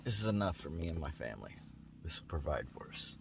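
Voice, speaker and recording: A man voicing a contented old fisherman, very deep. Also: very animated, fast talker, gravelly, background noise, exaggerated voice.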